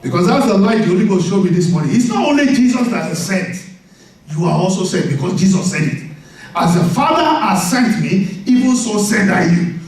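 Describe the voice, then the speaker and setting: High-voiced man preaching in echoey hall. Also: brisk, distant mic. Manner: animated preaching, often laughing, calls for responses. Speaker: pastor. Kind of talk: sermon. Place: church hall.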